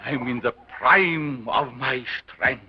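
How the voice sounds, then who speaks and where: A man's voice: mid-range voice, takes it slowly, lo-fi sound, a little hiss or hum, lightly acted. An actor playing a commanding male mad scientist lecturing a carnival crowd, with an unplaceable accent and a declamatory delivery, on an old 1930s film soundtrack. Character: theatrical mad scientist showman, male, middle-aged, commanding.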